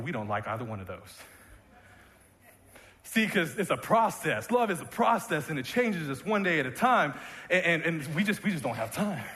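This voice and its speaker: Guy preaching, chatty and jokey, kinda high voice, big echoey church. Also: fairly bright tone. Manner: conversational and jokey, many restarts. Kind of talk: sermon. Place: church sanctuary. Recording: long reverb of a church hall.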